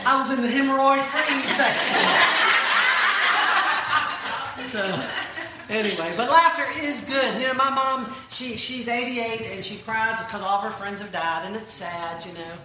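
A woman's voice: fairly high pitch, normal speed. Folksy woman joking in echoey church. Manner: folksy joke-telling with punchlines and crowd questions. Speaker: Christian comedic speaker. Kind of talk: comedic church talk. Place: large church hall. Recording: very echoey hall, distant mic, room noise.

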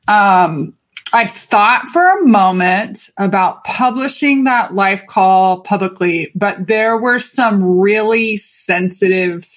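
Animated, playful woman podcast host. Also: mid-range voice. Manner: animated, chatty, playful, swears casually. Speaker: podcast host and life coach. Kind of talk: solo podcast monologue.

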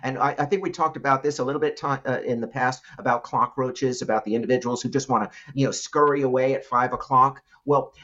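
A middle-aged man, a guest entrepreneur, giving an animated storytelling answer with frequent laughs and restarts. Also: medium pitch, fairly quick, few pauses, muffled recording.

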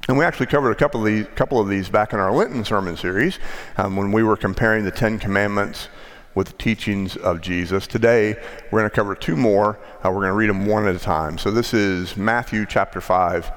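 A middle-aged pastor with a Texan accent preaches in a large church sanctuary, telling stories conversationally and sometimes restarting his sentences. His voice is fairly low and quick, and the recording carries long church reverb.

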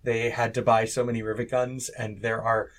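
Male podcast co-host, mid-pitch, casual banter, wry humor. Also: little pitch movement. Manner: joking, wry, quick asides. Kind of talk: casual chat.

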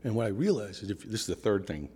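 Deep-voiced Boston man, reverberant sound. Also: very animated, fast talker, warm tone, slightly rough. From Boston area. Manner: rambling, restarts, enthusiastic. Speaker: guest. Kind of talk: conversational interview.

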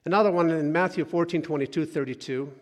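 A man preaching a conversational sermon, repeating words and dropping quiet when he quotes scripture. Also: a little high, quick pace, big-room sound. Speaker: pastor.

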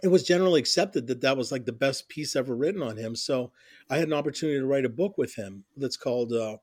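A man's voice: mid-range voice, fast talker, no echo, clean studio sound. Middle-aged man telling rambling stories. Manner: rambling, stacked restarts, constant "you know". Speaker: interview guest, music journalist. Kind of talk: casual storytelling interview.

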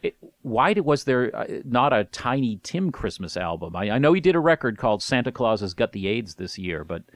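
A man's voice: mid-range voice, very animated, a little fast, hardly any pauses, no room sound. A man co-hosting a podcast, chatting about old records with frequent fillers and restarts. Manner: hesitant, many fillers and restarts. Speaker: podcast co-host. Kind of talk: casual chat about music records.

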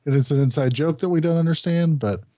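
A man's voice: a little high, fast, warm tone, dry recording. A man co-hosting a podcast, telling a story casually, swearing and acting out his friend's lines. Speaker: podcast co-host. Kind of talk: casual chat. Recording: dull lo-fi podcast audio.

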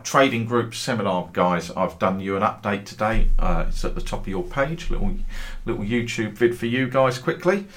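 A man's voice: on the low side, a bit bright. A middle-aged man who hosts a football trading group, telling meandering anecdotes with dry humour and casual swearing.

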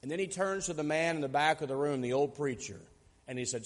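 A man preaching a sermon as pastor, telling stories and slowing down to stress key points. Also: a little high, in a large hall. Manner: storytelling, slows down for emphasis.

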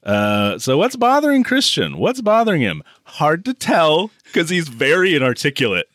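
Male podcast co-host riffing on a bad movie, mocking and profane, very animated intonation. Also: fairly high pitch, normal speed, dry recording, clean studio sound. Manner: sarcastic, swears, laughs often, lively mocking voices. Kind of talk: casual comedic movie review.

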